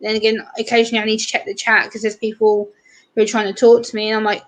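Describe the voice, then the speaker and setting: A woman's voice: fairly high pitch, completely flat delivery, rough recording. A British woman chatting casually on a livestream, acting out short exchanges with her viewers. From Britain. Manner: chatty, acts out what others said in quick bright voices. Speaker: livestream host.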